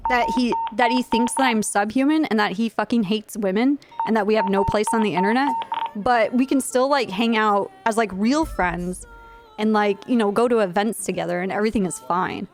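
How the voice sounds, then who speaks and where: A young woman streamer chats casually, telling a long story in a blunt, profane way, padded with fillers. Her voice sits at an ordinary middle pitch. Faint music plays behind her. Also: moderate pace. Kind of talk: casual storytelling while live streaming a game.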